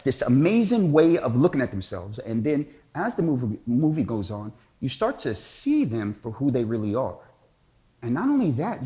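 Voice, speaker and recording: A man giving an inspirational talk in a casual, slangy storytelling way. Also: mid-range voice. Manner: slangy, storytelling, acts out quotes. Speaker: Catholic speaker.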